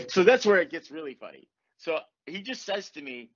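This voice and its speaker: A man hosting a podcast, telling a story in casual chat, animated and swearing as he acts out what people said. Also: a little high, normal speed, slightly rough, dull audio. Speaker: podcast host.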